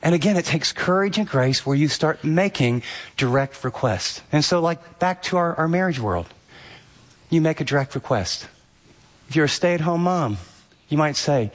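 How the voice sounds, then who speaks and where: A man preaching with lively energy and a fairly high-pitched voice. He builds to emphatic, punchy peaks and then drops soft and quiet when he voices quoted lines, like a pastor addressing his congregation. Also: moderate pace. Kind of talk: sermon.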